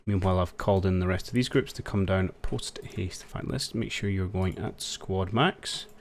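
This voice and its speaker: A man with a fairly low voice talks through a strategy game as he plays, casual and unhurried. He thinks aloud with a wry, understated edge, recorded close on a desk microphone. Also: a little hiss or hum. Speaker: strategy game let's-player. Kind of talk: casual gameplay commentary.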